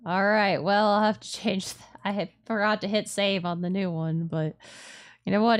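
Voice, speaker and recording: A woman's voice: medium pitch, unhurried. A woman streaming a video game, chatting casually in a rambling, self-deprecating way with lots of giggles.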